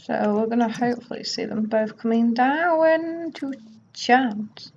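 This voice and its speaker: A woman's voice: a little high, a little mellow, a little hiss or hum. A woman giving casual, chatty commentary over a life-sim game, now and then voicing characters. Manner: chatty, voices characters in quick asides. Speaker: gaming video host. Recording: slightly dull lo-fi audio.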